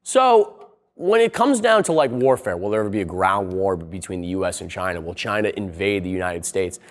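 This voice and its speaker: Speaking fairly quickly in a low, expressive voice, this young man rambles through a casual comedic video essay. He's sarcastic and heavily profane as he tells his story.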